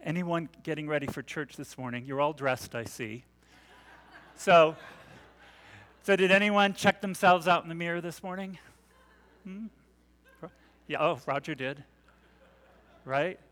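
Male pastor, talky and questioning with the congregation, fairly high voice, recorded in a reverberant sanctuary. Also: measured pace, long pauses, a bit bright. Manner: chatty, asks the congregation questions, many fillers. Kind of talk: interactive conversational sermon. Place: church sanctuary.

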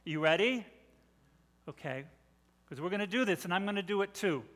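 Animated and at a normal pace, a middle-aged male preacher with a high voice delivers his sermon like a dramatic story. He goes from near-whispers to loud swells, his words ringing through a large hall with long reverb.

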